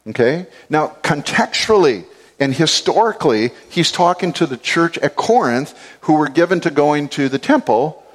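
A man giving an expository Bible teaching, explaining word meanings and repeating key phrases for stress. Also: a little high.

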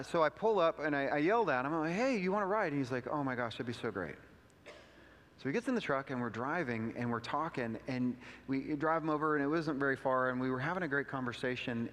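Pastor preaching in a reverberant hall. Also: male voice, fairly bright tone. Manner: conversational storytelling with asides, pitch rising for emphasis. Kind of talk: sermon. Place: church sanctuary.

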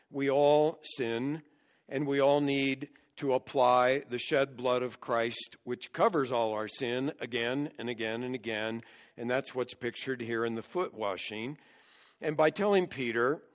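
A man preaching a sermon, earnestly explaining scripture verse by verse. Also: mid-range voice.

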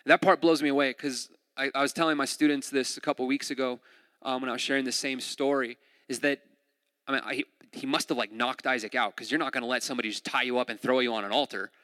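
A man's voice: medium pitch, fast talker. Joking, conversational male preacher in a hall. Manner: lively, conversational, joking storytelling. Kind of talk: sermon. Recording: long hall reverb.

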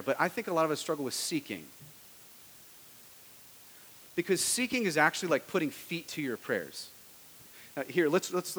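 A man's voice: mid-range voice, fairly bright tone, in a large hall, a little hiss or hum. A man preaching a sermon as a pastor in a conversational style, often asking his listeners "right?".

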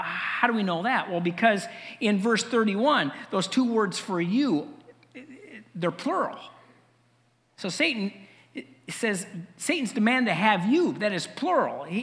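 A man preaching in a church with a long, lingering reverb. His voice is gravelly, and it rises and falls in a lively, animated way. He keeps the sermon conversational and wry, full of asides. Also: high-pitched. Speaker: pastor.

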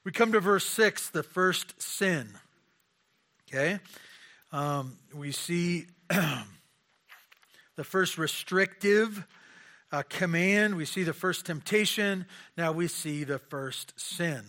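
Slow, bright-voiced male preacher. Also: on the high side. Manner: conversational, rhetorical questions, repeats words. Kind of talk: sermon.

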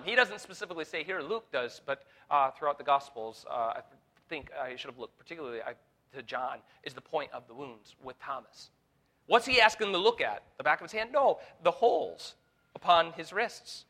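A man preaching a sermon as pastor, building to fervent peaks, with halting restarts and fillers along the way. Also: a little high, lively intonation, bright, forceful tone. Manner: preaching with rising intensity, voicing Jesus in quotes.

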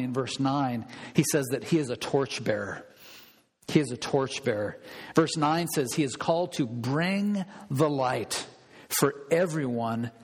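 A man's voice: mid-range voice, big-room sound, low-quality recording. A man preaching a sermon as pastor, emphatic and repeating key phrases for stress.

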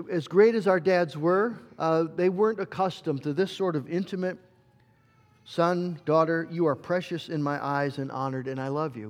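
Male pastor, sermon delivery, high voice, long church reverb. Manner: earnest, repeats words when searching for a phrase.

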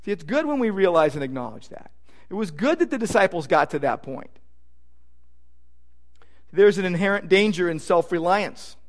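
A man preaching a sermon as pastor, emphatic, repeating phrases and swinging from loud declarations to hushed asides. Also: high voice, animated, normal speed, pauses often.

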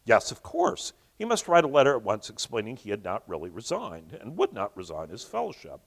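A man's voice: medium pitch, wildly swooping pitch, a little fast, vocal fry, breathy edge. A man hosting a show, reading a novel aloud and stopping to explain it in his own words. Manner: explanatory, alternates reading with asides. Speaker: host.

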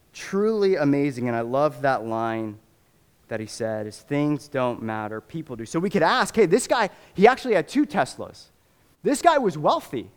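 A man preaching a sermon, telling a story in a casual, animated way with many fillers and restarts. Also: high voice. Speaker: pastor. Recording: long reverb of a church hall.

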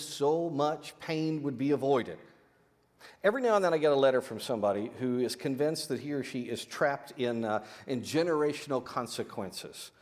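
A man preaching a sermon in an animated, folksy way, with sudden loud bursts, repeating words as he thinks. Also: medium pitch. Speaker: pastor. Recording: long hall reverb.

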